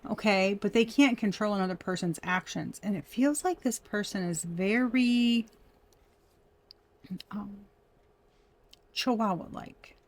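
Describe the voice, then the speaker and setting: A woman's voice: medium pitch, darkish tone. Chatty laughing woman reading tarot. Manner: chatty, laughing often, addresses viewers as y'all. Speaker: tarot reader. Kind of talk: casual tarot reading to camera.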